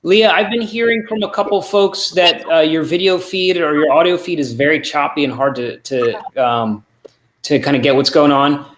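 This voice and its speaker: A man's voice: on the high side, moderate pace, a bit bright, slight background noise. A man hosting a live online arts event, talking casually with many fillers and apologies. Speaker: event host. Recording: echoey room.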